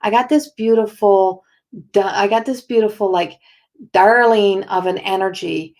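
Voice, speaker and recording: A woman's voice: medium pitch, measured pace, darkish tone. A woman giving a spontaneous oracle card reading as a psychic medium, rambling with lots of "like" and restarts as she relays what a spirit tells her.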